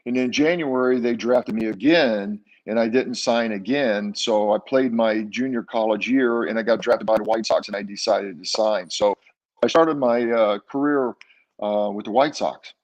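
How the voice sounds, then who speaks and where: An older man, a former baseball player, recounts his career as a guest in a casual interview, using many fillers and restarts. His voice is fairly low and moderately paced, and the audio has its highs cut off.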